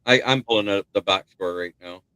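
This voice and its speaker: A man's voice: lowish voice, a little fast, bright, forceful tone, smooth, dry recording, low-quality recording. A man hosting a casual sports talk stream, rambling and thinking aloud as he goes. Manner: rambling, thinks aloud with restarts, laughs at rival team's troubles. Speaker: sports talk show host.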